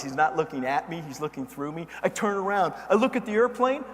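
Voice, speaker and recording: A male motivational speaker telling a story on stage in an animated, dramatic way. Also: high voice, fast. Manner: animated, dramatic, builds excitement. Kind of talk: keynote storytelling. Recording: long hall reverb, faint noise.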